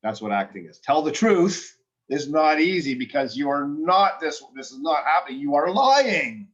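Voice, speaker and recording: A man's voice: a little high, lively intonation, moderate pace, lo-fi sound. Direct, encouraging male acting coach. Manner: direct and encouraging, full of restarts. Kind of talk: one-on-one acting feedback.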